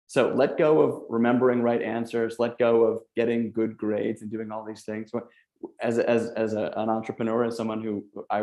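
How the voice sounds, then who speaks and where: A man's voice: medium pitch, warm tone, reverberant. A man speaking as an entrepreneur on a webcast panel, giving earnest, urgent advice.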